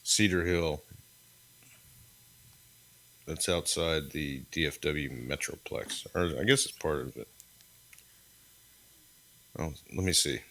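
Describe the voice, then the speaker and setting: Deep-voiced crude joking man in his sixties. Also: takes it slowly, long pauses. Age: 60s. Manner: crude, joking, deadpan asides. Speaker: podcast co-host. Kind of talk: casual chat.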